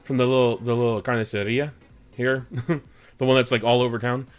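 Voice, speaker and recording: A man's voice: mid-range voice, fairly even intonation, fairly quick, clean tone. A man with a Texan accent hosting a live stream, chatting casually with viewers in a rambling, jokey way. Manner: rambling, chatty, jokey, talks to chat by name. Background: background music.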